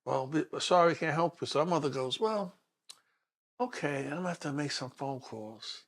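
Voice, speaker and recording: Animated New York man in his sixties. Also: on the high side, moderate pace. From New York City. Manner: animated, acts out quoted voices in stories. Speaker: guest, detective. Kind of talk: conversational interview storytelling.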